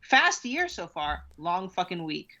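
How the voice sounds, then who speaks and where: A woman's voice: fairly low pitch, sing-song, a little slow, bright, forceful tone, muffled recording. A woman co-hosting a casual podcast, blunt and wry, swearing freely as she talks. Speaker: podcast co-host, writer. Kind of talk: casual late-night podcast chat.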